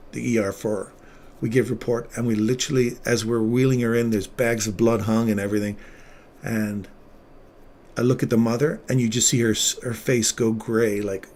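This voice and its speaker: A man hosting a casual livestream, once a paramedic, talking with earnest feeling and sometimes dropping his voice very low. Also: a little mellow, a little hiss or hum. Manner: earnest, emotional storytelling, drops to near-whisper at tender moments. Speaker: livestream trading host, former paramedic.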